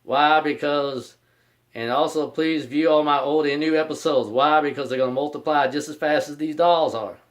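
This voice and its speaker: Man with a somewhat high voice, rambling and repetitive, talking about himself in the third person as a channel host. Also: steady tone, moderate pace. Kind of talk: casual vlog announcement.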